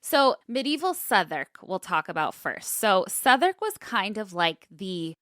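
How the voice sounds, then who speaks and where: A woman's voice: mid-range voice, big pitch swings, a little slow, fairly bright tone, no echo, studio quality. A woman co-hosting a casual comedy podcast, telling a history story in a bubbly way and laughing often. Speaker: podcast co-host.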